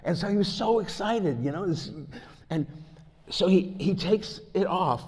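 A man preaching a sermon as pastor, telling stories that build from quiet to loud and excited, laughing along the way. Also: high voice, measured pace, husky. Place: church hall. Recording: long hall reverb.

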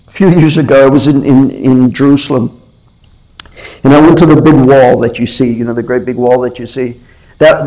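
A medium-pitched male preacher, captured on a rough recording, delivers his sermon through lively stories. He voices the lines of each character himself and has a habit of repeating his words.

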